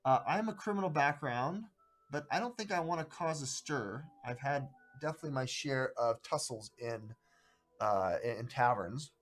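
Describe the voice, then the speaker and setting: A man hosting a live stream of a solo tabletop adventure, chatting casually in a rambling, halting way. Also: mid-range voice, animated, soft background music. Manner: rambling, halting, greets viewers by name.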